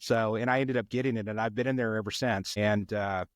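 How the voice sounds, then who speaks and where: Animated middle-aged man telling a story. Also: lowish voice, brisk, dry recording, clean studio sound. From Los Angeles. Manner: animated storyteller who acts out quotes. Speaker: homicide detective guest. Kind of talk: storytelling in a podcast interview.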